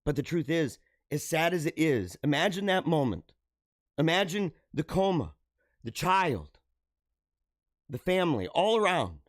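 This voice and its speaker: A middle-aged man hosting a live show, talking earnestly and haltingly to his viewers, often repeating himself and restarting phrases. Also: on the high side, big pitch swings, no room sound, studio quality. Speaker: livestream show host. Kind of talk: emotional personal monologue to viewers.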